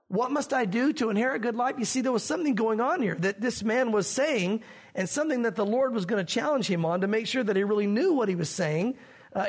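A man's voice: very high voice, breathy edge. A man preaching a sermon as pastor, earnest and questioning, addressing his congregation directly.

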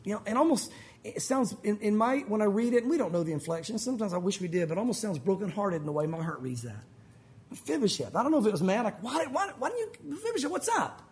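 A male pastor preaching a sermon, animated and folksy, with joking asides to the congregation. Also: high-pitched, fast talker.

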